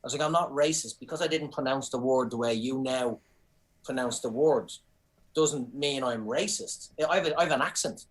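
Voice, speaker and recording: A middle-aged Irish comedian telling stories in casual chat, animated and sweary, restarting his sentences often. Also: mid-range voice, normal speed, rough recording. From Ireland. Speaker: comedian guest.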